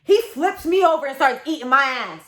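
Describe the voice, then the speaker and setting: A woman in her thirties telling a candid storytime confession, animated, dramatic and blunt, with lots of profanity. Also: high voice, normal speed, reverberant. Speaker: storytelling vlogger.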